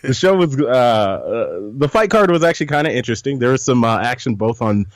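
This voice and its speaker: A man's voice: mid-range voice, big pitch swings, a little fast, no echo, clean studio sound. A man co-hosting a podcast, chatting playfully and joking in a put-on folksy drawl. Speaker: podcast co-host. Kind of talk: casual podcast chat.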